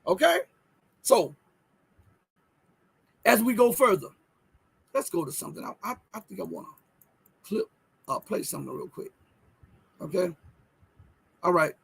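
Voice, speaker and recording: A man's voice: high voice, sing-song, unhurried, vocal fry, long pauses, breathy edge, no echo, rough recording. A man hosting a live news commentary show, emphatic and full of rhetorical questions, thinking aloud as he pulls up and reads articles. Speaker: host.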